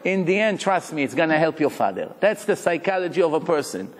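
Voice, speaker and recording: A man preaching as a rabbi, telling parables with lively rhetorical questions. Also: fairly high pitch, brisk. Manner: animated storytelling with rhetorical questions. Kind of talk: sermon. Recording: long hall reverb.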